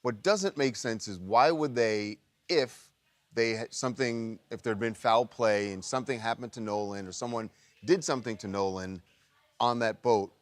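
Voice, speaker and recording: A man reporting, explaining events in a measured, methodical way. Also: mid-range voice, no room sound. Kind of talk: explanatory narration.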